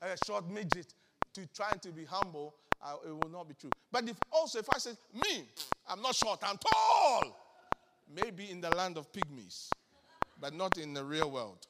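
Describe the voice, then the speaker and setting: A man's voice: high voice, expressive, moderate pace, big-room sound, very noisy. A man preaching a sermon as a bishop, emphatic and repetitive, often questioning the congregation directly. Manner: emphatic, repeats phrases for effect.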